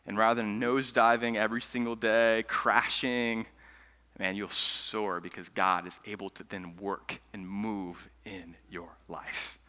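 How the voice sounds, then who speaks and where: A man preaching a sermon as pastor, telling stories with lively swings between loud, eager stretches and hushed, quiet ones. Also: lowish voice, a little slow, smooth. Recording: long hall reverb.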